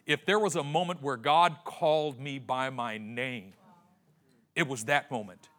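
A man in his forties preaching a sermon as pastor, impassioned and repetitive, swinging between hushed and loud. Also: mid-range voice, unhurried. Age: 40s. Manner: repeats phrases for emphasis.

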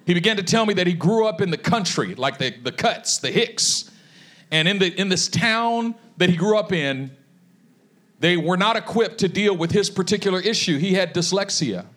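A male preacher telling a story in a sermon, speaking with passion that builds toward shouting. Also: high voice, lively intonation, normal speed.

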